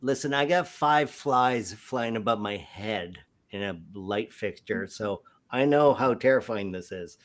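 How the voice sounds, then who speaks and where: A man's voice: on the low side, measured pace, hardly any pauses. Joking male host on a video call. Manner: joking, playful. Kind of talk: casual chat.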